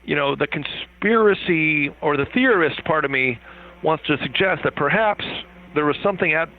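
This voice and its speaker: A man being interviewed as a guest, talking in a rambling, animated way and laughing now and then. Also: on the high side, normal speed. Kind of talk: interview over the phone. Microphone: phone. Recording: tinny phone line.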